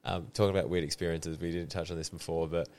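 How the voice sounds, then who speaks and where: A man's voice: deep voice, level tone, fast, a little mellow. A man hosting a podcast, easygoing and asking short follow-up questions. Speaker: podcast host. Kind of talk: casual interview.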